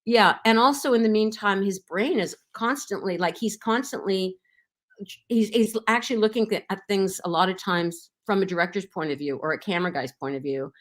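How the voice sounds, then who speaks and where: A middle-aged actress recalling her time on a show in a relaxed interview, rambling with many fillers and restarts. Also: mid-range voice, moderate pace. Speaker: actress guest. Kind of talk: casual interview anecdotes.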